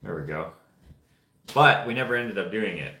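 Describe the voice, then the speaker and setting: A lower-voiced young man from Canada, talking in a loose, rambling way while he paints. His voice bounces around an echoey room. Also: expressive, moderate pace, bright, forceful tone, a little hiss or hum. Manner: rambling, offhand storytelling while painting figures. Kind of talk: casual chat. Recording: roomy echo.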